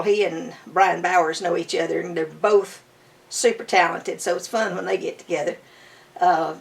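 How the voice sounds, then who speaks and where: Recorded from a distance, an older woman with a fairly low voice tells stories during a casual interview in her home. She's a bluegrass musician, and she talks in an enthusiastic, chatty, fond way.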